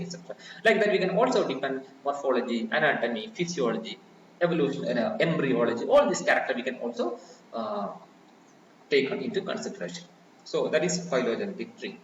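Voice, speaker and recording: A man's voice: fairly high pitch, fairly bright tone. Lecturing man in a very echoey room. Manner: repetitive, many restarts and fillers. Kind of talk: explaining slides in a recorded lecture. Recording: very echoey, distant, muffled, faint background noise.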